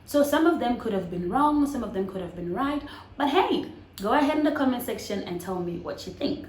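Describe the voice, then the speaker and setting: A Cameroonian woman with a Cameroonian accent, talking to her viewers in a chatty, animated vlog. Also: a little high, a little fast, roomy sound, low-quality recording. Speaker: vlogger. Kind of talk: casual vlog talk to camera.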